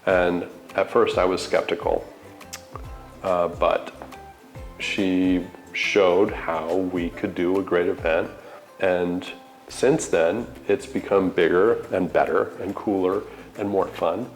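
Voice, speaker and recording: An earnest, enthusiastic man speaking as an interview guest, with a somewhat low voice. He talks in a casual, conversational way. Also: steady tone, takes it slowly, soft background music, low-quality recording. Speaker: TV network CEO, interview guest.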